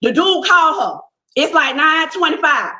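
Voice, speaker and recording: Young woman, casual storyteller vlogging to her followers, sharp bright voice, acts out the other people in the story. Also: sits high, normal speed, echoey room, rough recording. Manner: animated, talks to viewers as y'all, acts out what people said. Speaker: person telling a personal story. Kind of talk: casual first-person storytelling.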